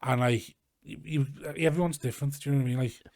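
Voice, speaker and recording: A young Scouse man, a comedian, chatting casually in a podcast, rambling and animated as he tells stories and swears freely. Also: mid-range voice, fast, no room sound, clean studio sound. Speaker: comedian guest. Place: garage.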